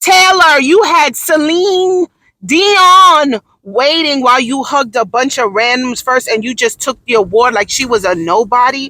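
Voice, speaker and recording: A woman giving a loud, theatrical, profane comedic rant, indignant and often yelling. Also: high voice, measured pace, dry recording. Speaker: vlogger.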